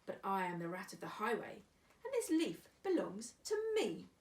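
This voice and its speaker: A woman doing a greedy bully rat highwayman. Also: wildly swooping pitch, moderate pace, far from the mic. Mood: bossy. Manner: loud, demanding chant. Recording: echoey room, away from mic.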